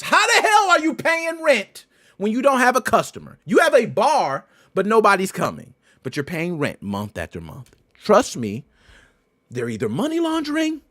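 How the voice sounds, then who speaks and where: A man hosting a podcast, telling stories in a loud, profane, animated way. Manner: loud, profane, jumps into high excited pitch. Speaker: podcast host. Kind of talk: animated storytelling commentary.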